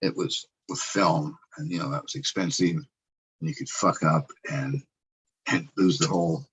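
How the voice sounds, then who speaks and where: A man's voice: low voice, animated, moderate pace, a bit bright, slightly rough, rough recording. A man talking casually as a podcast guest, rambling and sarcastic, with some swearing, about his years as a photographer. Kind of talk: casual chat.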